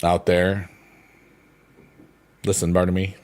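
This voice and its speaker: Very deep-voiced man, rambling chat. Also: completely flat delivery, takes it slowly, a little mellow. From New York, US. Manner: meandering, playful, talks to chat. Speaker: streamer. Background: piano music.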